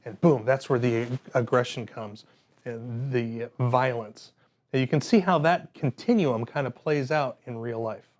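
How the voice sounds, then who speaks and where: A man's voice: mid-range voice, a little slow, darkish tone. A man teaching a workplace safety class, telling personal stories in a conversational way with frequent fillers.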